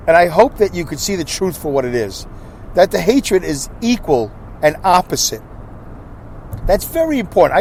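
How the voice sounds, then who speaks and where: A man's voice: on the high side, a little mellow, slight background noise. A middle-aged American man hosting a casual solo podcast, rambling through his thoughts with asides and restarts. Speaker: podcast host.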